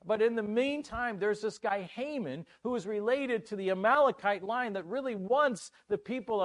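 A man with a high-pitched voice preaches a sermon at a church conference, telling a story with lively energy and acting out the characters' voices.

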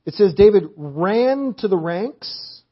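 A man's voice: high-pitched, animated, slow, slightly rough. A man preaching a sermon in a church hall, driving his points home with emphatic, repeated phrases. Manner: emphatic, repetitive preaching cadence. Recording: dull lo-fi sermon audio.

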